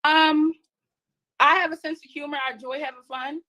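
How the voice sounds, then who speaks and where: A woman's voice: high voice, fairly even intonation, moderate pace, pushed and bright. A woman in her twenties from Philadelphia, a dating-show guest answering questions hesitantly with lots of ums. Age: 20s. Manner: hesitant, full of ums, then playful. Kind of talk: casual interview answers.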